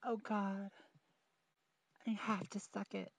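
Slow, teasing woman in intimate audio role-play. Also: medium pitch, little pitch movement, creaky, no echo. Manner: slow, soft, pleading and teasing, talking straight to the listener. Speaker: audio performer. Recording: dull, dry close recording.

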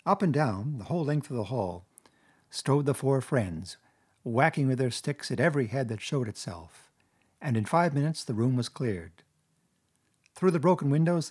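Guy reading a kids' classic aloud, husky voice, steady and expressive. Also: mid-range voice. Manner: measured, expressive storytelling. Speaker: narrator. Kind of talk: audiobook narration of a classic children's story.

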